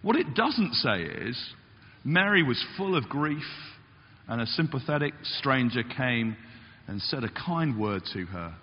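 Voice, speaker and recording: A male pastor delivers a sermon with a lively, swooping delivery, sometimes acting out the voices he quotes. The sound is slightly dull and carries a long church reverb. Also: unhurried. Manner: animated, acts out quotes with big pitch jumps. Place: church hall.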